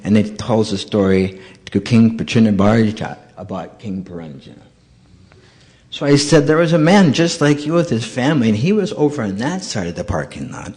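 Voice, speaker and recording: Animated male storyteller giving a talk. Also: lowish voice, moderate pace. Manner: animated storyteller acting out dialogue. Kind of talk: storytelling sermon.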